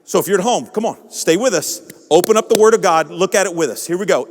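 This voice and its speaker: High-voiced impassioned male preacher. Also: expressive, quick pace, hardly any pauses, in a large hall. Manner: impassioned, builds to shouting. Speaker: pastor. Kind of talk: sermon. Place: church sanctuary.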